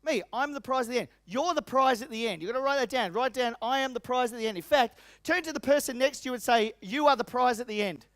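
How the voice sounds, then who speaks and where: A man with an Australian accent giving an energetic, emphatic motivational seminar talk as a business coach, repeating his key phrases. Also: extremely high pitch, quick pace, hardly any pauses, dry recording, studio quality. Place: seminar room with tables.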